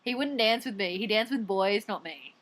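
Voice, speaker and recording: A young Australian woman chatting casually, telling animated stories with acted-out quotes. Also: medium pitch, normal speed. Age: young adult. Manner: animated storytelling with acted-out quotes, swearing and laughing. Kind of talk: casual chat.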